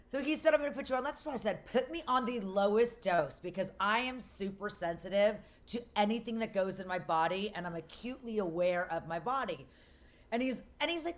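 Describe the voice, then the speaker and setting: Brash comedian in her forties, slightly high voice, swears freely and jumps between characters in her stories. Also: fairly quick. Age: 40s. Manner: brash, profane, animated storytelling with acted-out voices. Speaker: comedian guest. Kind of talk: casual podcast chat, storytelling.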